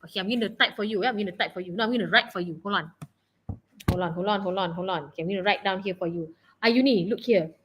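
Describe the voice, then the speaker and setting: A woman's voice: mid-range voice, quick pace, noisy background. A Malaysian woman teaching an online English revision class, encouraging students and often repeating her phrases.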